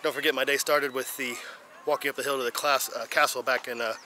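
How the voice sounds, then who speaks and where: A man's voice: mid-range voice, flat delivery, fast talker, sharp tone, low-quality recording. A man with an American Midwest accent, rambling through a casual travel vlog with fillers, tired and out of breath from walking uphill. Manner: rambling, with fillers and self-corrections. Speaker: travel vlogger. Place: outdoors on town streets and a hilltop. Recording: outdoor street noise with traffic. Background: street and vehicle noise.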